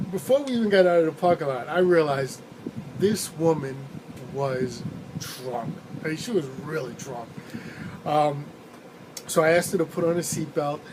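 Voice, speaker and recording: A man's voice: fairly high pitch, background noise. A male rideshare driver casually telling a rambling story, chuckling now and then as he goes. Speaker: rideshare driver and channel host.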